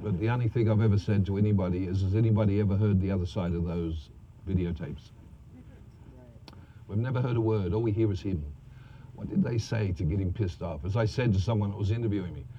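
Mellow low-voiced man swearing through anecdotes. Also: lo-fi sound, a little hiss or hum. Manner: profane, laughing, animated storyteller. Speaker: actor telling anecdotes. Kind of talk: casual storytelling interview.

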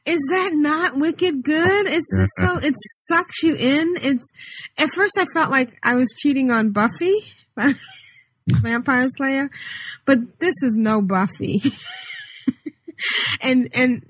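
A woman's voice: high voice, slow pace, long pauses, no room sound, low-quality recording. A woman co-hosting a gaming podcast, chatty and laughing often. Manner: giggly, chatty. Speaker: podcast co-host. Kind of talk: casual podcast chat.

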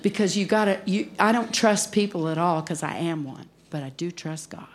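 A woman's voice: on the low side, moderate pace. A woman preacher telling a personal story in a sermon, emotional and at times dropping to near whispers. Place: conference hall.

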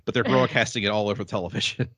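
A man co-hosting a casual podcast discussion, stammering on his starts and making quick, wry remarks. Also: fairly low pitch, fairly bright tone, no room sound. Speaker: podcast co-host.

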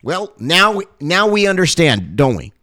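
A man's voice: big pitch swings, a little slow, dry recording, studio quality. Urgent, fiery preaching man. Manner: urgent, emphatic, repeats phrases, surges to loud high calls. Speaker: pastor. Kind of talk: impassioned on-air preaching talk.

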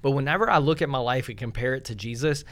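A man's voice: mid-range voice, fast, fairly bright tone. A man co-hosting a casual faith podcast, earnest and self-deprecating, laughing often as he talks. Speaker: podcast co-host.

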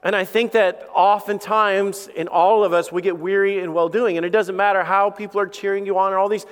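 Speaking fairly quickly in a clean, high-pitched voice with fairly even intonation, a middle-aged pastor gives a joking, informal sermon thick with fillers and false starts. It's recorded in a church sanctuary with long hall reverb.

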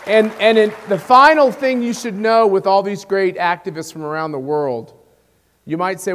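A man's voice: normal speed, a bit bright, a faint crowd. A man giving a rousing, folksy speech to a conference audience. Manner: rousing, folksy, drops low on closing phrases. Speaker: conference speaker. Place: large convention hall. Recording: long hall reverb.

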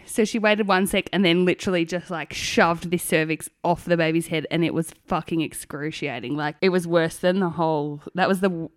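A woman's voice: lowish voice, moderate pace, hardly any pauses, no room sound, clean studio sound. Chatty woman, frank and laughing. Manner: lively, frank, laughs often, swears casually. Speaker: guest sharing her birth story. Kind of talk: casual conversational storytelling.

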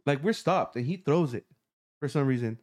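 A man telling a profane story to friends, animated and laughing as he goes. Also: mid-range voice, normal speed. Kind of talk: casual storytelling among friends.

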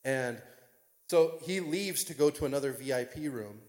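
A man, a pastor, tells a personal story to an audience in an excitable, rambling way full of fillers. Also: mid-range voice, moderate pace. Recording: long reverb of a large hall.

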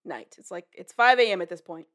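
A woman co-hosting a podcast who retells a film in a casual, animated, profane way. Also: on the low side, brisk. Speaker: podcast co-host.

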